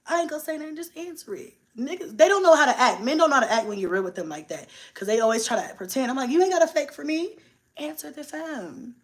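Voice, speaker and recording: A woman's voice: a little high, expressive, rapid-fire, few pauses. A young woman, chatting bluntly and profanely on a live stream and laughing often. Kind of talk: casual live-stream chat.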